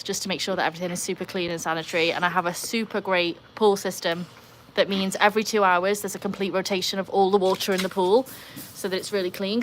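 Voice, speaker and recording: A woman from England with an English accent, hosting a casual live stream outdoors by a pool and chatting with viewers, her voice jumping high when she greets people. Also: a bit bright, slight background noise. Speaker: livestream host reading chat.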